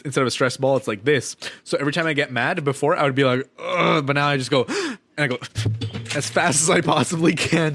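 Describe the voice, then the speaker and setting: A man's voice: on the high side, fairly bright tone. Profane young man telling work stories. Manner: profane, laughing storyteller acting out callers. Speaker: bank call-center worker telling stories. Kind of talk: casual chat with friends.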